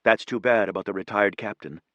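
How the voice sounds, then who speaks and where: A male narrator voicing a weary, wry woman who talks with quiet, dry understatement. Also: fairly low pitch, a little fast, no room sound, highs cut off, close to an everyday voice.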